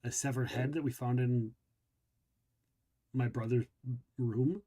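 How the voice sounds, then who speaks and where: A man's voice: mid-range voice, fairly even intonation, slow, warm tone. A man playing a tabletop role-playing game, narrating his character and speaking for him. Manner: casual, slips into character voices. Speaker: player.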